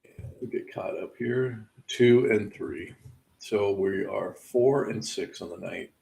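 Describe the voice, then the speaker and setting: Gravelly low-voiced man reviewing betting picks. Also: takes it slowly, darkish tone, poor audio. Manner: chatty, laughs at his own misses, wry asides. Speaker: sports betting show host. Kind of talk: casual live sports picks commentary.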